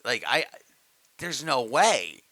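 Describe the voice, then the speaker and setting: With big pitch swings and a slow delivery, this young podcast co-host speaks in a medium-pitched voice over a crowd in the background. He chats casually and comedically, stammering and performing quotes as he recounts stories.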